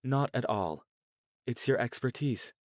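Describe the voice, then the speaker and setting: A man voicing a cool, smug blonde woman kidnapper who talks in a calm, coaxing, self-assured way. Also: medium pitch, measured pace, no echo, pitched above the performer's own voice, lightly acted.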